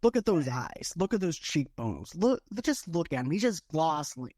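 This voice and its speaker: A man's voice: big pitch swings, moderate pace, dark tone, dry recording. Jokey male podcast co-host, dry close mic. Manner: jokey, chatty, weighs each pitch aloud. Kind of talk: casual podcast chat, mock pitch role-play.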